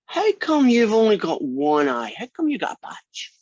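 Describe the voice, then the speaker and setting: An excited, high-pitched little boy put on by a man in a joke told during an online lecture, firing off eager questions. The recording is dull and lo-fi, the voice a little husky, with a dry sound. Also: moderate pace, no room sound, full character voice.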